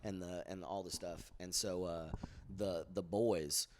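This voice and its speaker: Guest: man, very deep voice, meandering anecdotes, loose and offhand. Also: fairly even intonation, a little slow, darkish tone, a little hiss or hum. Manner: rambling storyteller, lots of "like" and "uh". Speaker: guest comedian. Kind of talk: casual podcast chat.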